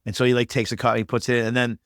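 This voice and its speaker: Male podcast guest, quick animated talker, dry close mic. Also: medium pitch, no room sound. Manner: fast, animated, talks through his reactions. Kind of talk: casual podcast movie chat.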